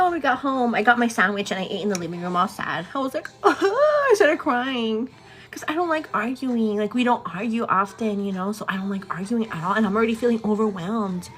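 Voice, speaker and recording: A young woman telling a story to her viewers in a casual, chatty way, tired and overwhelmed, laughing often and quoting both sides of an argument. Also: a little high. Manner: chatty, animated retelling with laughs, quotes others. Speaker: vlogger.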